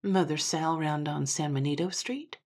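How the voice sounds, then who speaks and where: A woman voicing an earnest, rough-spoken frontier man who pleads in folksy words. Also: low-pitched, moderate pace, a little mellow. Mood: concerned.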